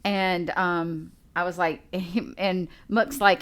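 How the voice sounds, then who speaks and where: A woman's voice: on the low side, slow pace, hardly any pauses. A woman, co-hosting a podcast and telling a story in casual chat, acting out the other people's lines. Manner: animated storyteller acting out quoted dialogue. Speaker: podcast co-host.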